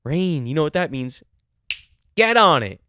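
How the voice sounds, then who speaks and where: A man's voice: high-pitched, very animated, takes it slowly, no echo, clean studio sound, pitched above the performer's own voice, heavily acted. A man voicing a haughty, controlling woman restaurant manager while telling a story on a podcast. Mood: bossy. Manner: bitchy, controlling tone. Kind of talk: acted quote in a storytelling podcast.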